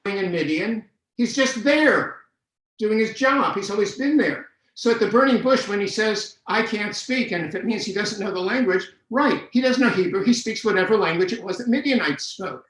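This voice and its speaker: Brief: older male lecturer, high voice, wry and explanatory, echoey room. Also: lively intonation, moderate pace, fairly bright tone. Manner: wry, explanatory, with dry jokes. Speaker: Bible scholar lecturer. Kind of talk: online lecture. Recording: roomy echo.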